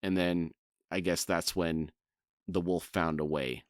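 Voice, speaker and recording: Low-voiced man reading a novel aloud. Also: fairly even intonation, a little slow, no room sound, clean studio sound. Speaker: podcast co-host and reader.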